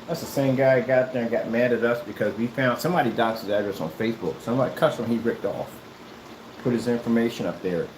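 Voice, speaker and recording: A man talks straight to his viewers in a heated, mocking rant. He is combative and circles back to the same points again and again, and his voice sits in a medium pitch. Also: quick pace, roomy sound, noisy background. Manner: repeats himself often. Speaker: YouTuber. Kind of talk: ranting callout video.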